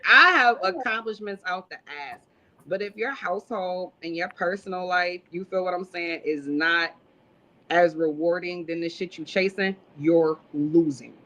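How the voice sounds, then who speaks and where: A woman's voice: low voice, bright, forceful tone. Blunt, profane woman giving advice. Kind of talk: livestream talk show.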